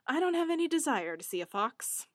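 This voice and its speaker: A woman's voice: high-pitched, sing-song, brisk, no echo, studio quality, pitched above the performer's own voice. A woman voicing a scheming, bossy male fiddler in a storybook reading, in a commanding, mocking tone.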